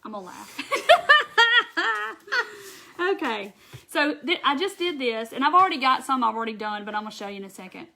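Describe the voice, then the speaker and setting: A woman's voice: a little high, lively intonation, quick pace, pushed and bright. A Southern woman from Mississippi hosting a casual craft livestream, folksy and chatty, reading viewer comments aloud.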